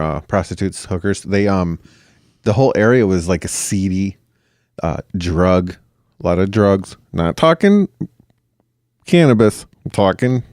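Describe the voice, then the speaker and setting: A man's voice: low voice, a little mellow, no echo. A man co-hosting a true-crime podcast, cracking jokes in casual banter. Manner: wisecracking, bantering. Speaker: podcast co-host. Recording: dry, close podcast recording.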